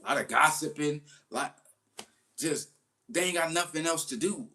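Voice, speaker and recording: Slangy male commentator, casual and animated. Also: a little high. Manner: slangy, animated storytelling with laughs. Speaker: commentary host.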